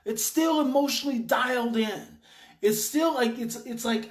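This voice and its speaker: A woman's voice: on the high side, moderate pace. A woman giving an informal parenting talk as an educator, speaking emphatically and repeating her key phrases. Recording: roomy echo.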